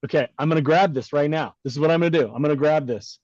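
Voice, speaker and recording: Animated middle-aged man telling a story. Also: fairly high pitch, rapid-fire, no echo, highs cut off. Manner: animated storyteller who acts out quoted dialogue; blunt, swears casually. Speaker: podcast co-host. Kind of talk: casual storytelling chat.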